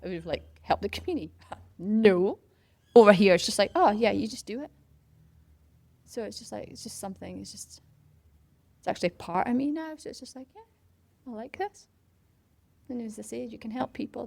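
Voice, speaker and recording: A woman's voice: medium pitch, a little fast, vocal fry, pauses often. A middle-aged Scottish woman in a casual interview, chatting about starting a community run and acting out what people said. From Scotland. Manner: animated storytelling, acts out quoted voices. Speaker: parkrun founder.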